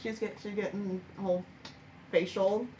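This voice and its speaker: A woman's voice: medium pitch, little pitch movement, normal speed, lo-fi sound, very noisy. A woman player in a tabletop game, chatting casually and joking.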